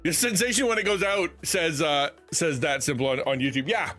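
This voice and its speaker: A man's voice: fairly high pitch, normal speed, a bit bright, faint music behind. A middle-aged man chatting casually on a live stream from his home setup, rambling with many restarts. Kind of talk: casual livestream chat.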